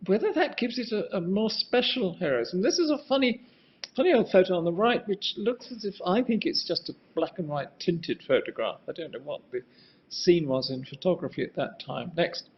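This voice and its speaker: A man's voice: high-pitched, animated, moderate pace. An older man giving a rambling, musing lecture on architecture, often restarting his sentences and asking for the next slide. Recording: muffled lo-fi sound.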